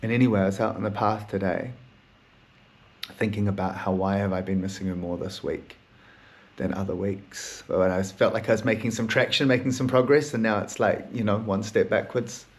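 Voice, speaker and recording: A man's voice: lowish voice, steady tone, normal speed. A man hosting a solo podcast, talking in a raw, emotional, rambling way and swearing often. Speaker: podcast host.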